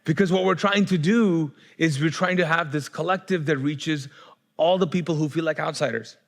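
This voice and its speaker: Male pastor, fairly high voice, loose and conversational sermon delivery with mounting fervor. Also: moderate pace. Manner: conversational, with frequent restarts and rising fervor.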